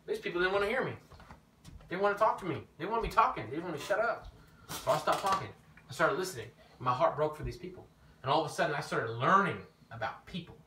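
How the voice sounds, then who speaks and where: A man preaching an informal teaching sermon, telling his own story in an animated way that rises when he gets emphatic. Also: on the high side, quick pace. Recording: echoey room, mic at a distance, faint background noise.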